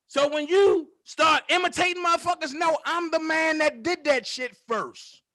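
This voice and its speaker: A man with a strikingly high voice hosts his own commentary stream, firing off a heated, profane call-out. He taunts and repeats his jabs for emphasis, recorded close and dry with no room sound. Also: normal speed, pushed and bright, no room sound. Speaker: commentary channel host. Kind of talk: confrontational call-out rant.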